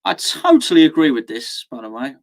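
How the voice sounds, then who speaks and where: A man's voice: medium pitch, huge pitch swings, brisk. A man hosting a football watchalong live stream, chatting casually with viewers, reading out their messages and laughing often. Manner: chatty, reads out chat, laughs often, sudden outbursts. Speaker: watchalong host.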